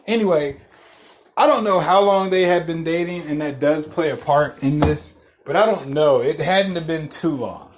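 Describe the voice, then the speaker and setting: A man's voice: a little high, normal speed, noisy background. A young man telling a rambling, profane story in casual chat, laughing through it as a podcast host.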